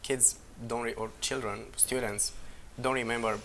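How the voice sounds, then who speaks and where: A man from Romania, hosting an interview as a teacher and speaking haltingly, correcting himself as he goes. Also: mid-range voice, steady tone, a bit bright, slight background noise, low-quality recording. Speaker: host and teacher. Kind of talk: interview conversation.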